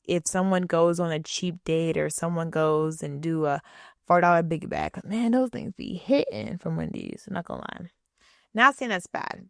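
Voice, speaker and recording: A woman's voice: low voice, fairly bright tone, no room sound, clean studio sound. A woman hosting her own podcast, talking through a personal story in a chatty, casual way and often checking in with "right?". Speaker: podcast host. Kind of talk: casual solo podcast monologue.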